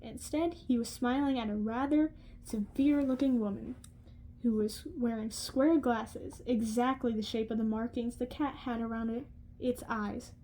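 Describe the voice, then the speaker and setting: A woman's voice: a little high, fairly even intonation, dark tone, a little hiss or hum, low-quality recording. Woman reading a novel aloud. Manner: slow, careful reading with some slips. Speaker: audiobook reader.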